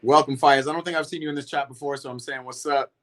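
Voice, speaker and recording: A man's voice: on the high side, steady tone, quick pace, a bit bright, a little hiss or hum. A young man hosting a livestream watch party, reacting casually to the match and greeting viewers in chat. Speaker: livestream host. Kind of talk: football watch-party commentary.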